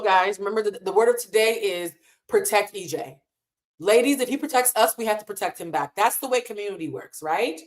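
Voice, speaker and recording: A woman's voice: mid-range voice, brisk. A woman hosting a live stream, talking in a casual, impassioned and emotional way and swearing freely. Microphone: desk mic in a hotel room.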